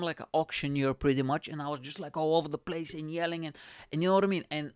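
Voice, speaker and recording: A young man with an Eastern European accent, hosting a podcast and telling a story in a casual, animated way, swearing freely and acting out what people said. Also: on the high side, quick pace, clean tone, dry recording, studio quality. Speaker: podcast host.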